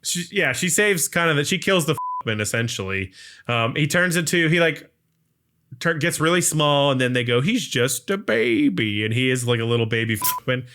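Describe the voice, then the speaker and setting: A man talks through a film plot on a podcast, stringing events together with lots of "like" and fillers. His voice is bright and smooth, and he slips into brief acted-out lines as he goes. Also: medium pitch, animated, moderate pace. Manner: rambling recap full of "like" and fillers, acting out lines. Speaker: podcast co-host recapping a film. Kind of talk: casual chat.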